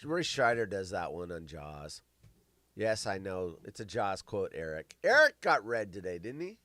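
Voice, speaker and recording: A middle-aged man hosting a live show, rambling and swearing, with big swings between loud bursts and mumbling. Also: low voice, very animated, moderate pace, no room sound. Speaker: podcast host. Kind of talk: casual live-stream chat.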